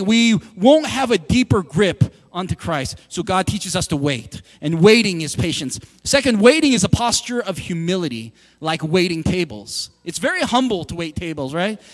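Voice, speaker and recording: A male pastor with a high voice preaches in a casual, animated way, acting out little back-and-forth conversations. His voice carries a long hall reverb, as if he is in a large church. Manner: animated, conversational, acts out quoted dialogue. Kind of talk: sermon.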